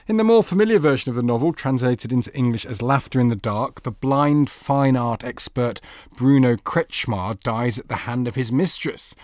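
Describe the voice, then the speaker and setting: Male podcast host, brisk and upbeat, mid pitch, dry close mic. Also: no echo. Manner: lively, reads intros then banters. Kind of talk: literary magazine podcast chat.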